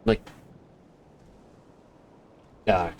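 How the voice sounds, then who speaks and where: A man streaming a game, chatting casually in a rambling, self-amused way. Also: extremely slow. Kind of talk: casual chat while gaming.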